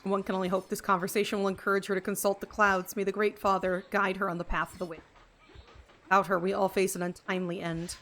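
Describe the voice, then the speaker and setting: A woman reading the lines of a sorrowful young witch heroine from a game, slow and solemn. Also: mid-range voice, flat delivery, fairly bright tone, close to an everyday voice. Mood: hopeful. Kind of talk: reading game dialogue aloud. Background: game music.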